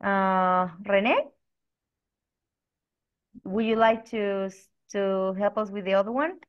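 A woman teaching an online language class, speaking slowly and patiently and spelling words out letter by letter. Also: medium pitch, fairly even intonation. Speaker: Spanish teacher. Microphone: video call. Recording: dull lo-fi video call audio.

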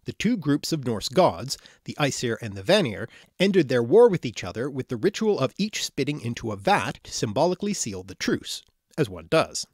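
A man reading a scripted educational narration, explaining things clearly with the odd dry, wry aside. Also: mid-range voice, sing-song, moderate pace, darkish tone, dry recording.

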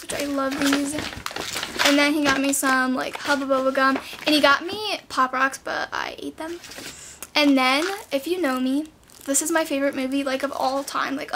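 A woman's voice: high-pitched, a bit bright, a little hiss or hum. A teenage girl vlogging casually, bubbly and full of "like" and "literally". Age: teens. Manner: bubbly, says "like" and "literally" a lot. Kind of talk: casual haul vlog.

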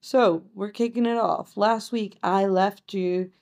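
Chatty Scottish woman, gravelly voice. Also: mid-range voice, steady tone, slow pace, a little mellow. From Scotland. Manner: self-mocking, playful, sometimes puts on a sing-song teacher voice. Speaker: podcast host. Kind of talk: chatty solo podcast diary.

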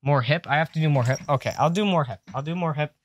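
Here a chatty young streamer swears freely and cracks jokes with his audience as a horror game keeps making him jump. He talks fast into a desk microphone in a slightly high voice, with no echo.

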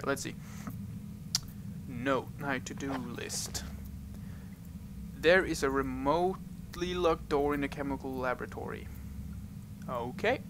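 A man narrating his horror game run in a slow, unhurried way, his pitch bouncing all over as he cracks jokes. A steady hiss of background noise sits under his voice. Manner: goofy, joking, laughs at his own jokes. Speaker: let's play gamer. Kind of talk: casual gameplay commentary.

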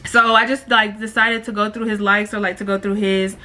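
A woman's voice: mid-range voice, brisk. A woman telling a story on her vlog in slangy casual chat, acting out what people said. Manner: slangy, animated, acts out quoted voices. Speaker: storytime vlogger.

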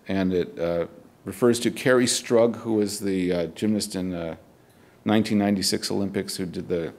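A middle-aged man, a poet, reading his poems aloud at a university event in a measured, deliberate way, with casual remarks between poems. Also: low voice, creaky, darkish tone. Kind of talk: poetry reading.

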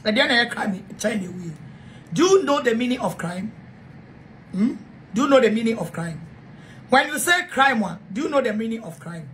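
Ghanaian-accented woman, fairly high voice, heated repetitive rant, faint background noise. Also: animated, moderate pace, long pauses, a bit bright. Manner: heated, repetitive, switches between English and Twi. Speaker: self-styled preacher. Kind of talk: angry rant to camera.

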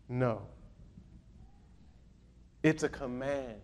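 A man's voice: fairly high pitch, wildly swooping pitch, slow pace, long pauses, fairly bright tone. A male pastor preaching a sermon, reading scripture aloud and calling out questions to his congregation. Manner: reads scripture aloud in King James wording.

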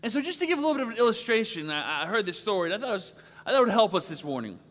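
A man's voice: high voice, very animated, racing, fairly bright tone. A man preaching a sermon as pastor, earnest and conversational, often checking in with "right?". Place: church sanctuary. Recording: long reverb of a church hall.

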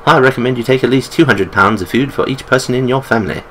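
A man's voice: medium pitch, fast talker, fairly bright tone, a little hiss or hum, close to an everyday voice, poor audio. A man doing an old British shopkeeper. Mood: cheery sales pitch. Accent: put-on British. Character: old British male shopkeeper, pipe-smoking, sly.

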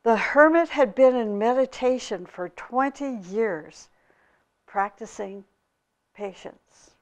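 A woman spiritual teacher giving a storytelling talk in a slow, measured way. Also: a little high.

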